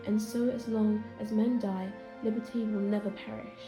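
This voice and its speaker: A woman's voice: medium pitch, flat delivery, moderate pace, music in the background, natural voice. A woman playing an earnest man giving an impassioned, hopeful speech. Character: earnest male speaker pleading for humanity.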